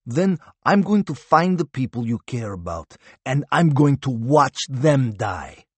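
A man's voice: mid-range voice, sing-song, a little slow, slightly rough, dry recording, pitched above the performer's own voice. A man voicing a smug, menacing Russian captive who hisses threats, in an audiobook. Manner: threatening, hissing.

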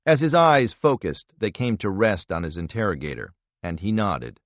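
Deep-voiced man narrating a thriller. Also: lively intonation, normal speed, no room sound. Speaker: audiobook narrator.

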